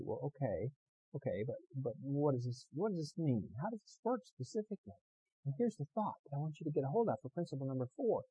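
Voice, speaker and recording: A male pastor preaching with a husky, slightly rough voice of middle pitch. He swings from loud, emphatic passages back to quiet, conversational asides. The sound is dry and close, with little room. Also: animated, a little fast, dry recording, narrow, tinny audio. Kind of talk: sermon.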